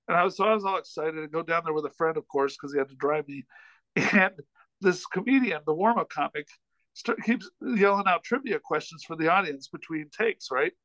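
A man with a high, sharp voice tells a long, rambling anecdote, stumbling into restarts and self-deprecating asides. The sound is dry and close, with no room around it. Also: brisk, no room sound, rough recording. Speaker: podcast guest, comedian and author. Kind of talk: casual storytelling in a chat.

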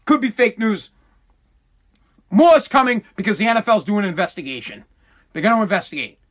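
A man's voice: sits high, sing-song, brisk. A man hosting his own livestreamed podcast, ranting in a heated, profane and repetitive way. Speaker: podcast host. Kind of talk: casual livestream podcast rant.

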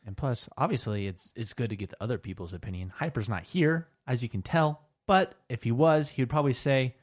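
A man's voice: medium pitch, brisk. A man co-hosting a casual chat show, telling stories and laughing easily. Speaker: podcast co-host.

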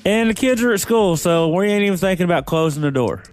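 Married male co-host, higher voice, crude, animated storyteller, faint music behind. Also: fast talker. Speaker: podcast co-host. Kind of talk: casual podcast chat.

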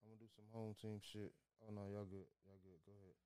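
A man hosting a casual chat, slangy and animated, repeating himself. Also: fairly low pitch, fast talker. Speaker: host.

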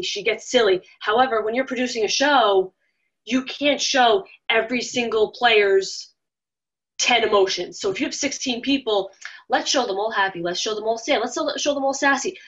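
Chatty woman guest who rants and acts out quotes, slightly muffled audio. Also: fairly high pitch. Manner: rambling, animated, acts out quoted voices. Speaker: interview guest, former reality show contestant. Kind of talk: casual interview talk.

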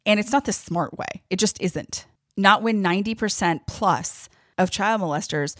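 A woman's voice: on the low side, dry recording, clean studio sound. A woman hosting a podcast, speaking with angry, emphatic passion and openly worked up. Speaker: podcast host. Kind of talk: impassioned podcast commentary.

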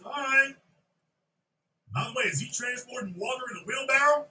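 A man hosting a podcast, loudly riffing on a video he is watching, repeating lines and shouting his jokes. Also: very high-pitched, lively intonation, normal speed, distant mic, poor audio. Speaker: podcast host. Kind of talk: loud comedic video commentary.

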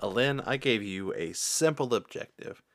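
A man's voice: fairly low pitch, animated, moderate pace. A man who is a player in a tabletop role-playing game, speaking in character in an easygoing, friendly, teasing way.

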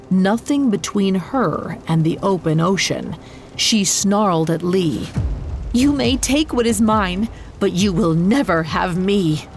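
Slow, measured woman narrating a story. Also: medium pitch, a little mellow. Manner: measured, dramatic. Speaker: podcast narrator.

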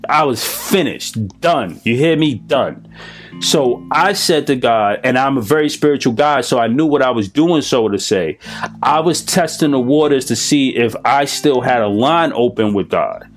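A man's voice: mid-range voice, lively intonation, moderate pace, soft background music. Emphatic New man telling his story. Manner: emphatic, repetitive, streetwise storytelling. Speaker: recovery speaker. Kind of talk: personal testimony.

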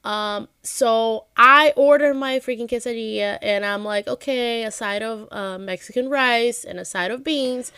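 A woman's voice: on the high side, unhurried, hardly any pauses, sharp tone, clear, resonant tone, dry recording, clean studio sound. A woman co-hosting a podcast, telling stories in casual chat, with lots of "like" and frequent swearing. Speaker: podcast co-host.

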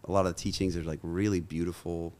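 A man's voice: low voice, flat delivery, quick pace, a little mellow. A man reciting an earnest spoken-word poem and then talking openly and heartfelt in a casual podcast chat. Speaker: guest musician.

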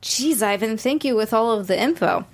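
A woman's voice: fairly high pitch, animated, moderate pace. A young woman hosting a casual chat about TV episodes, bubbly and laughing often. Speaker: host.

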